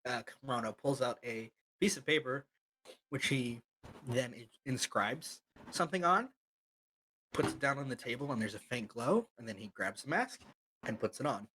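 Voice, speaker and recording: A man's voice: mid-range voice, lively intonation, normal speed, bright, forceful tone, slight background noise, rough recording. A man running a tabletop game as game master, narrating casually with some fillers.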